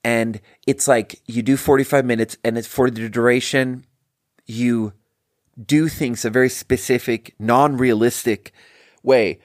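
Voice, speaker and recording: A man's voice: mid-range voice, fairly even intonation, a little slow, dry recording. Rambling man with a dry close sound. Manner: rambling, frequent restarts and tangents, laughs while talking. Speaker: podcast host. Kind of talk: casual rambling monologue.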